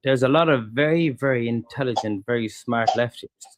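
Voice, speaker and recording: A man's voice: medium pitch, normal speed, noisy background. A man earnestly explaining his view in a voice chat. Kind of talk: voice chat debate.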